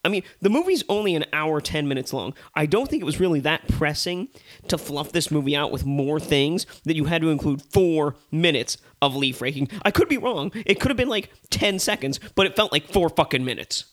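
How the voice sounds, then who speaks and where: Animated, cursing man reviewing movies. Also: a little high, fairly quick. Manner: animated, profane ranting. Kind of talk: casual chat.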